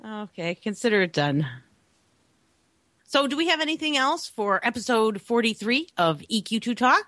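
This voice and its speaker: A woman's voice: on the high side, sing-song, moderate pace, fairly bright tone, dry recording. A woman co-hosting a gaming podcast, playful and often laughing as she rambles through casual banter. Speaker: podcast co-host.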